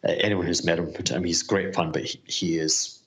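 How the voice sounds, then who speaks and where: A man's voice: low-pitched, steady tone, a little fast. A man telling a loose, chuckling anecdote in a recorded question for a guest. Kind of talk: anecdotal storytelling.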